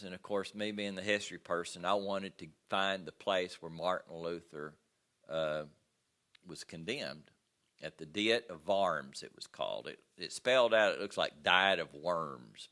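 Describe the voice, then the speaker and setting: A man's voice: sits low, sharp tone. An older man teaching a history class, talking casually with fillers and stories from his own travels. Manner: conversational, with many fillers and personal anecdotes. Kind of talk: classroom lecture.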